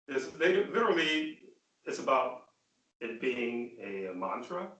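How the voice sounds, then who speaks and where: A man hosting a casual discussion, talking in a rambling, halting way with many filler sounds. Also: mid-range voice, sing-song, sharp tone. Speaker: host. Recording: roomy, distant mic.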